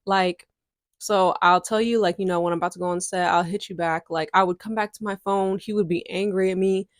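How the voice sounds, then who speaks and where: A woman's voice: lowish voice, fairly even intonation, a little fast, dry recording, clean studio sound. A woman, chatting candidly to her viewers in a casual storytime vlog. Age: 20s. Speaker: content creator.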